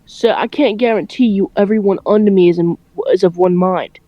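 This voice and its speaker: Amateur doing a stern old factory matriarch, slow and deliberate, fan dub on a dull, dry home mic. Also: medium pitch, warm tone, dry recording, close to an everyday voice. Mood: firm. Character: elderly woman factory worker representative, stern.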